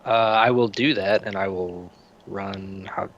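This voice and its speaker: A man taking his turn in a tabletop game speaks slowly and hesitantly. His voice is gravelly and a bit low. The recording is dull and lo-fi. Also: steady tone, fairly bright tone. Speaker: player.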